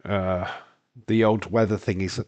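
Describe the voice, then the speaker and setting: Young Scottish streamer, lowish pitch, congested, rambling and sweary, casual chatter. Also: male voice, little pitch movement, unhurried, a little mellow. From Britain. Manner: rambling, sweary, laughs often. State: congested from hay fever. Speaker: live-stream host. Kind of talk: casual live-stream watch-along chat.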